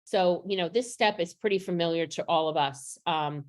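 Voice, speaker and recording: A woman's voice: fairly low pitch, moderate pace. A woman training teachers over a video call, explaining step by step and asking the group questions. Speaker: literacy trainer.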